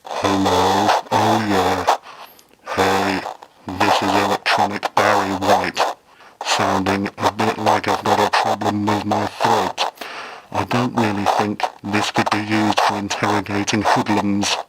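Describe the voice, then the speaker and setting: A man talks through a cheap electronic voice changer, reacting with amused unease to how he sounds. The processed voice comes out low, slow and flat. A loud hiss sits under every word. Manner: amused, wary commentary on his own changed voice.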